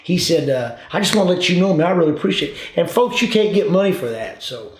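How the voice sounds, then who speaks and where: Older man, folksy drawl, slightly high voice, roomy echo. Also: expressive, quick pace, a crowd in the background. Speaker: retired police officer and tribute performer of a famous singer. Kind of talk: casual storytelling. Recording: echoey room.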